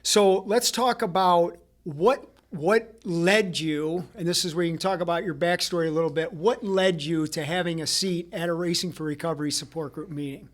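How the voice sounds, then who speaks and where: A man hosting a podcast, asking interview questions in a measured, deliberate way. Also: fairly high pitch. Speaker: podcast host.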